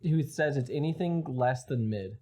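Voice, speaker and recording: Animated young man telling a rambling story. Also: medium pitch, normal speed. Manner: rambling storyteller, swears a lot. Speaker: podcast co-host. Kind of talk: casual chat.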